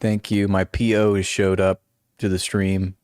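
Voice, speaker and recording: Hosting a live stream on politics, this man reads articles aloud and cuts away for sarcastic, mocking asides. His fairly low voice is level, unhurried, a little mellow and smooth, recorded close and dry without room echo.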